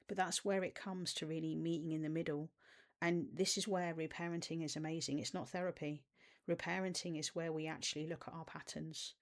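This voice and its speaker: A self-help coach talks straight to the viewer about healing the inner child, in a voice pitched neither high nor low. The delivery is soft and nurturing, warmly encouraging, with casual, chatty asides. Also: steady tone, a little fast. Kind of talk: self-help video talk to camera.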